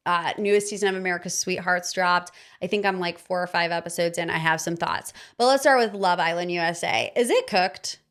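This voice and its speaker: Animated sarcastic woman podcast host. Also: medium pitch, smooth. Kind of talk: casual pop-culture commentary.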